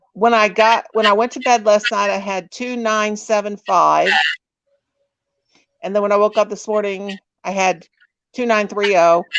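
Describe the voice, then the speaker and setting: A woman's voice: mid-range voice, creaky, a bit bright, dull audio. A woman in her fifties hosting a casual live stream, chatty and self-mocking, often trailing off and restarting. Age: 50s. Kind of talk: casual chat.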